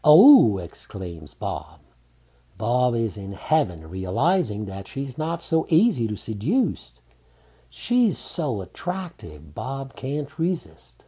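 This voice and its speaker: Slow, dark-voiced male narrator. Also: mid-range voice, slightly rough. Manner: calm, unhurried reading. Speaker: audiobook narrator. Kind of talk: scripted romantic narration.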